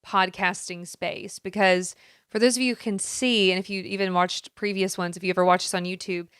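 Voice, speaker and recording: A woman's voice: mid-range voice, steady tone, brisk, a bit bright, clear, resonant tone, no room sound, studio quality. A woman co-hosting a podcast in casual chat, talking in a chatty, sing-songy way from a spare room at home. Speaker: podcast co-host.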